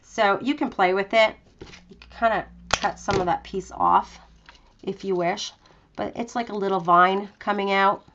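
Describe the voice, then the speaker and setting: A woman's voice: medium pitch, steady tone, normal speed, fairly bright tone, dull audio, a little hiss or hum. A young woman hosting a live craft tutorial from her home craft room, chatty and self-deprecating, with lots of fillers. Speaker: craft demonstrator.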